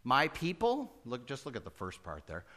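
Man, pastor, bright tone; lively verse-by-verse preaching that drops to quiet asides. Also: on the low side, fairly quick. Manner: animated, swings between loud and hushed; acts out Bible characters conversationally. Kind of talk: expository sermon.

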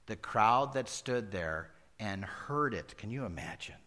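Low-voiced man preaching a sermon. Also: a little slow. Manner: expressive preaching, swinging from loud emphatic peaks to near-whispers; folksy asides and humor. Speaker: pastor.

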